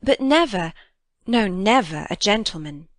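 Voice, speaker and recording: A woman's voice: mid-range voice, lively intonation, measured pace, no room sound, studio quality, lightly acted. A woman reading aloud, voicing an intense young governess who describes things urgently and vividly. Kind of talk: audiobook reading.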